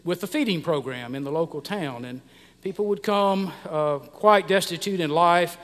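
Halting middle-aged pastor in a reverberant hall. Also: male voice, on the high side, fairly bright tone. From United States. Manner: halting, many "uh" fillers and restarts. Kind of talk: sermon.

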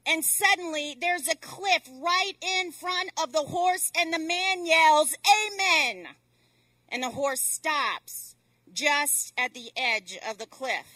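Woman preacher, high voice, slow emphatic sermon, mic set back from her. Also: lively intonation, bright, forceful tone, no echo, distant mic. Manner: deliberate, emphatic delivery with dramatic pauses.

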